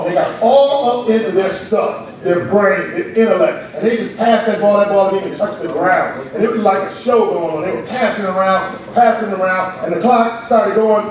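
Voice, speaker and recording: A man's voice: high-pitched, brisk, a crowd in the background. A man preaching a sermon to his church, telling a story and acting out the cheering crowds in it, then putting questions to the congregation. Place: church sanctuary. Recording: echoey church, voice from far off.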